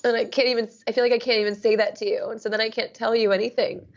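A woman as a therapy client, speaking in halting, raw, emotional bursts. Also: fairly high pitch, level tone, highs cut off.

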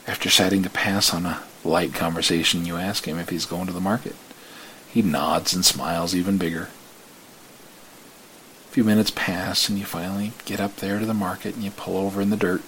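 A man narrating a story in the second person in a slow, hushed way that sometimes drops to a whisper. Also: low voice, steady tone, a little hiss or hum, rough recording.

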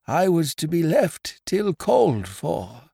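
A man voicing an odd old male stranger who speaks softly, slowly and mildly. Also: on the high side, wildly swooping pitch, gravelly, husky, no echo, clean studio sound, pitched above the performer's own voice, heavily acted. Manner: quiet, slow and measured.

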